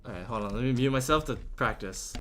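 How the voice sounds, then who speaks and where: A young man with a mid-pitched voice talks casually while streaming a game, rambling and restarting his sentences as he answers chat. Faint keyboard typing and a light hiss sit underneath. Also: animated, fairly quick, bright, forceful tone.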